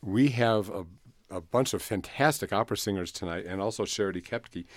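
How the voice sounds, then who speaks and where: A man hosting a live radio show from a studio, introducing it in a relaxed, conversational way with asides. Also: lowish voice, a little fast, no room sound. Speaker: radio host.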